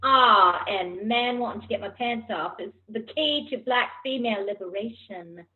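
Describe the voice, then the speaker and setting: A woman's voice: mid-range voice, moderate pace, natural voice. A woman reading the part of a defensive young woman arguing with her friend, during a cold reading of a scene on a video call. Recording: tinny video-call audio.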